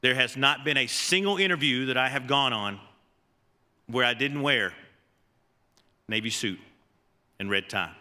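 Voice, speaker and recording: A man's voice: mid-range voice, measured pace, long pauses, sharp tone. A man giving a folksy, self-deprecating ceremony speech full of stories, with fillers and restarts. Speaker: award speaker, former assistant coach. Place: banquet hall. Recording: long reverb of a large hall.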